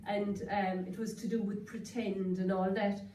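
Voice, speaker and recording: A woman with a soft, mellow Kerry Irish accent gives a chatty, anecdotal talk to a gathered audience. She is picked up from some distance, so her voice rings around a reverberant room. A faint hiss sits under the recording. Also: mid-range voice, little pitch movement, normal speed. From Ireland. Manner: chatty, anecdotal, quoting sayings. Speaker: guest lecturer. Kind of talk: public talk. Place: lecture room, indoors.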